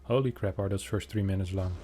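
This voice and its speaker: A man casting a strategy game match in a chatty, joking way, reacting fast to the play. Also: low-pitched, fairly even intonation, dark tone, slight background noise. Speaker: esports caster. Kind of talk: casual game commentary.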